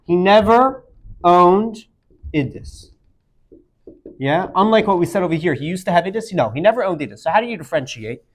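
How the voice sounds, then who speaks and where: A man teaching Talmud to a class, animated, calling on students by name and quizzing them. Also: high voice, fairly quick.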